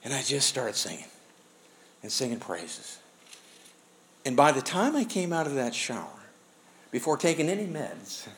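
A man's voice: mid-range voice, vocal fry, bright, forceful tone. A pastor preaching a sermon, asking the congregation rhetorical questions as he goes.

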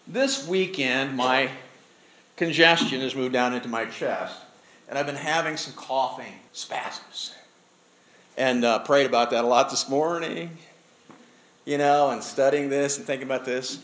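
A man's voice: medium pitch, measured pace, fairly bright tone. A pastor preaching a sermon, asking the congregation rhetorical questions as he goes.

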